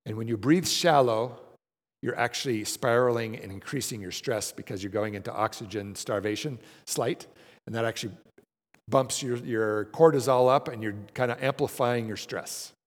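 A man's voice: mid-range voice, moderate pace. Man teaching a class in a reverberant hall. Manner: conversational, checks in with "okay?". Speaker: class leader. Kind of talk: teaching a class with guided breathing exercises. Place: large room with a group.

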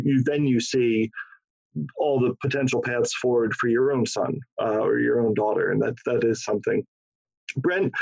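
A man hosting a conversation, reflecting in a measured way before asking thoughtful questions. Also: medium pitch, vocal fry, darkish tone, breathy edge, no echo. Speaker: host. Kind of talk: conversational podcast interview. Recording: dull, muffled lo-fi sound.

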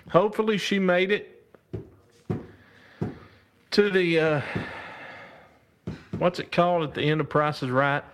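A man's voice: sits high, fairly bright tone. A man hosting a casual live stream, reading out viewer comments, laughing often and calling out to God.

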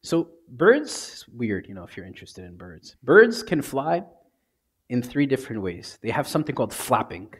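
A priest preaching a sermon with a husky, slightly breathy voice at an ordinary pitch. He talks conversationally and casually, then sinks into hushed, intimate lines for emphasis. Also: big pitch swings, normal speed. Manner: conversational, dramatic, drops to soft hushes.

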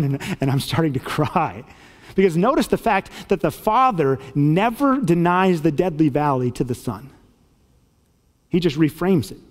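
A man preaching as a pastor, earnest and warm, moving from reading scripture into storytelling. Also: fairly high pitch, in a large hall. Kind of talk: sermon.

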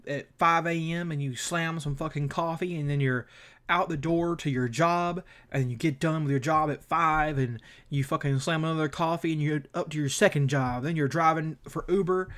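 A man co-hosting an amateur podcast, ranting about politics in a heated, profane, casual way. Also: fairly high pitch. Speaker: podcast co-host.

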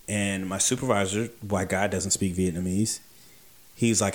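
Guy with a kinda low voice telling a funny work story, chatty and wry, repeats stuff for effect. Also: moderate pace. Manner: conversational, wry, repeats words for emphasis. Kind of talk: casual personal anecdote.

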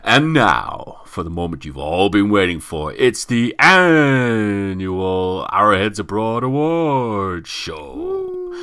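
A booming game-show announcer, as a man puts him on, drawing out every phrase with lively swoops in pitch. The voice stays bright and carrying over a lowish base. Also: clear, resonant tone, dry recording, clean studio sound, exaggerated voice. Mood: grand. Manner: loud, drawn-out announcing.

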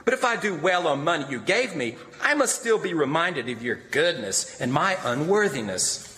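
A man's voice: on the high side, sing-song, normal speed, sharp tone. A man reading as a bitter, defiant young son. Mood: resentful. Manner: impassioned, bitter oratory. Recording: long hall reverb.

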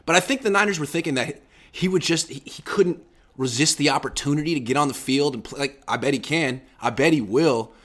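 A man's voice: on the high side, fairly quick, a bit bright. A young man hosting a casual sports talk show, arguing his points with animation and reading out listener comments. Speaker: podcast host.

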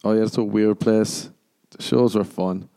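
Irish man with a low, mellow voice. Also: fairly even intonation, creaky, smooth. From Ireland. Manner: profane, meandering storytelling with quick mock voices. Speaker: podcast host and stand-up comedian. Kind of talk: casual rambling solo podcast monologue.

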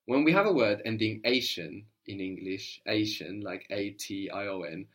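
A man's voice: on the low side, normal speed, a bit bright. A man teaching a spoken language lesson, patient and prompting, checking in with short questions. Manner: patient, prompting, often asks "no?".

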